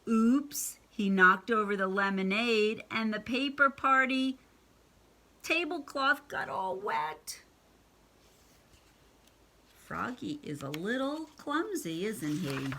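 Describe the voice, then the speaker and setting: Slow, bright-voiced woman reading to kids. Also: mid-range voice, lively intonation. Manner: chatty asides to young listeners. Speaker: read-aloud storyteller. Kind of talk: reading a picture book aloud to children.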